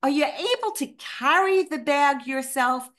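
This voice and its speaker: A woman doing a calm, patient grown daughter. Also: sits high, measured pace, voice pushed up. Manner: calm, gently leading questions. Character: adult daughter, patient and coaxing.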